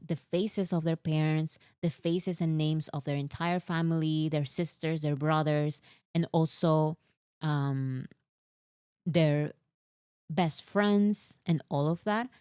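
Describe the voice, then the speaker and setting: A woman co-hosting a casual fan chat, talking in an animated, exasperated way with lots of fillers. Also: sits low, clean tone, no room sound, clean studio sound. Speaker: co-host.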